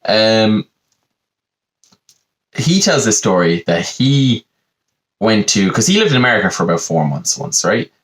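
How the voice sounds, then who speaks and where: A man's voice: on the low side, big pitch swings, measured pace, long pauses. A man with an Irish accent hosting a podcast, telling a digressive comic monologue full of "you know" asides. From Ireland. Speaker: podcast host.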